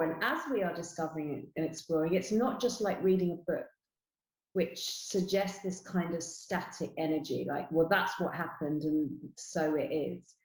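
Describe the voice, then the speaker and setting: A woman's voice: on the low side, a little mellow, roomy sound, rough recording. A middle-aged woman with a London accent, explaining her spiritual work earnestly as an interview guest, with many "you know" asides.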